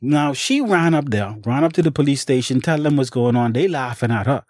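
A man's voice: medium pitch, expressive, a little fast, darkish tone, no echo, clean studio sound. A man telling a ghost story in a casual, dramatic way, acting out the sound effects and speaking straight to his listener. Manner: colloquial, addresses the listener directly.

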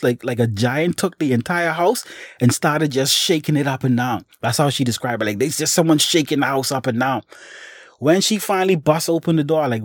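A man's voice: a little high, no room sound, studio quality. A man telling a ghost story in a casual, dramatic way, acting out the sound effects and speaking straight to his listener. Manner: colloquial, addresses the listener directly.

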